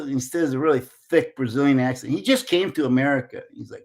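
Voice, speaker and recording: A man in his sixties, an interview guest telling a lively anecdote and acting out the dialogue. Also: mid-range voice, fast, few pauses. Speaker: interview guest, former Olympic wrestler. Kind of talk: casual storytelling.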